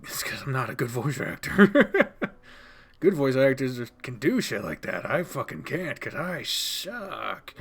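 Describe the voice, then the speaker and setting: A man's voice: medium pitch, very animated, unhurried, a bit bright, slightly rough, soft background music. A young man casually reading a visual novel aloud, swearing freely and laughing at himself. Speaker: video game player.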